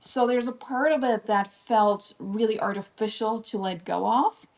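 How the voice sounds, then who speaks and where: A woman's voice: on the high side, measured pace, darkish tone. Thoughtful woman with a non-American accent. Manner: thoughtful, explains at length. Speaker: guest actor. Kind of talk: interview answers.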